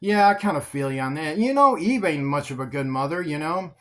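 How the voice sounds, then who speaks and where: A man's voice: a little high, lively intonation, a little fast, lightly acted. A man voicing a sly male fallen angel who coaxes and mocks in a casual, dismissive way. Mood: coaxing.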